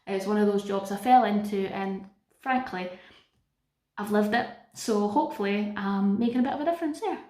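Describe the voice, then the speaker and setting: A woman's voice: medium pitch, normal speed, warm tone. Chatty Scottish woman in an echoey room. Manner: chatty, self-deprecating, jokey asides. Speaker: vlogger. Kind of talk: casual storytelling vlog.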